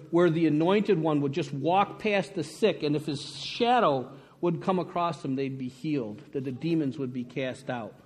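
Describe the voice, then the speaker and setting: A man's voice: on the high side, darkish tone, husky. A man preaching a sermon to his congregation, emphatic and conversational, often checking in with "right?". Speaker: pastor.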